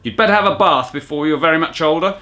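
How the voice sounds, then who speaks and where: A man's voice: on the high side, fast talker, pushed and bright, pitched above the performer's own voice. A man voicing a fussy, stern older housekeeper who is prim and bossy in a storybook reading.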